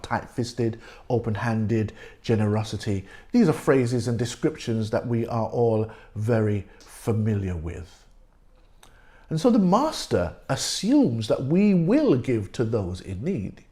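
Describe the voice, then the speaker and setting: A man's voice: medium pitch, dark tone. A male pastor preaching a sermon and reading scripture aloud, repeating key words for emphasis. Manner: reads scripture aloud slowly.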